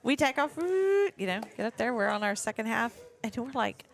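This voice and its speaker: A woman's voice: a little high, very animated, moderate pace, gravelly. Woman, 40s, co-host, giggly storyteller. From Texas. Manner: giggly storyteller, laughs often. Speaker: podcast co-host. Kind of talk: casual chat.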